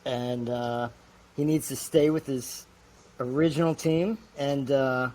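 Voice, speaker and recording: Male guest storyteller, loose and rambling, average pitch. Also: steady tone, darkish tone. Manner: halting, full of fillers and restarts. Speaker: guest actor. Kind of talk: casual storytelling.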